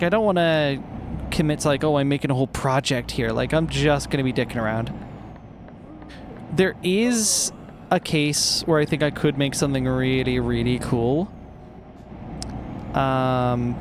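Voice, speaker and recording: A man chatting casually while he streams a game, thinking aloud and swearing now and then. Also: medium pitch. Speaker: livestreamer. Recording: loud truck and traffic game noise.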